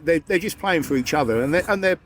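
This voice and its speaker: A man chatting as a fan guest on a casual podcast outdoors at a stadium, enthusiastic and pausing to search for words. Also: fairly high pitch, animated, slight background noise. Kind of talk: casual chat.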